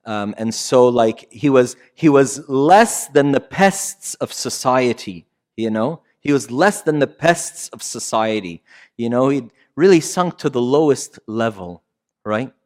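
A middle-aged man preaching a sermon in a conversational way, swinging from loud emphatic lines to quiet soft ones and often asking "right?". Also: medium pitch, expressive, measured pace. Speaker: pastor.

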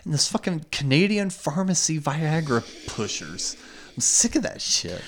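A man hosting a casual podcast, talking in a slightly high voice that swings up and down a lot. He tells his stories with animation, swears freely and laughs often. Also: sing-song, moderate pace, a bit bright, slight background noise. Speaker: podcast host.

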